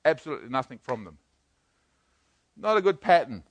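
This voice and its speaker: An older man preaching a sermon, swinging from hushed to loud. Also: mid-range voice, big pitch swings, fairly quick, dry recording. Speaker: pastor.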